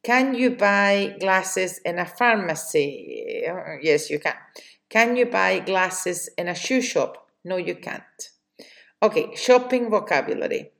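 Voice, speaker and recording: A Spanish-speaking woman with a Spanish accent teaches English vocabulary. She talks very slowly and carefully, reading out each question and answer. Her voice has a gravelly edge. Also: mid-range voice, expressive, fairly bright tone. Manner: slow and deliberate, reading drill questions and answers. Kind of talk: slow vocabulary lesson.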